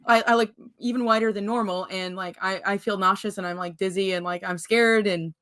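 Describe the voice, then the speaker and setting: A woman's voice: mid-range voice, steady tone, fairly quick, a bit bright. A young woman in her twenties, a podcast guest, telling a story in casual chat and laughing often between her words. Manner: giggly, laughs through her stories.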